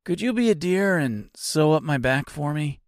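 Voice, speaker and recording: A man's voice: medium pitch, very animated, takes it slowly, dry recording. A man reading an audiobook, voicing an easygoing male scarecrow who talks in a nonchalant, matter-of-fact way. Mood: casual.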